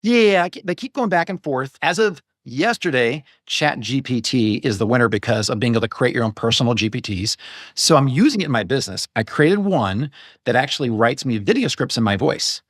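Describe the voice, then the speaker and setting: A man's voice: medium pitch, animated, a little fast, dry recording, clean studio sound. A man talking as a podcast guest about running an online business, chatty and prone to digressions and self-corrections. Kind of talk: casual interview chat.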